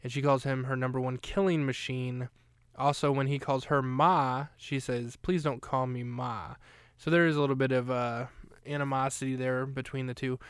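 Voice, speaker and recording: A man rambles through a casual podcast recap, his voice smooth and clear with an even, fairly flat delivery. He is recorded close in a dry room with no echo, and he pads his talk with fillers and restarts. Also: mid-range voice. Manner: rambling, chatty, with many fillers. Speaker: podcast host recapping a film. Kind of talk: casual chat.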